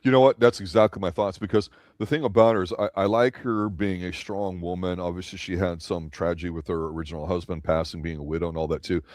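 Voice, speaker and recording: A man's voice: low-pitched, fairly even intonation, fast talker, hardly any pauses, darkish tone, no echo, studio quality. A man from Florida co-hosting a casual TV review chat, blunt and opinionated, with casual swearing. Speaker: co-host reviewing a TV show.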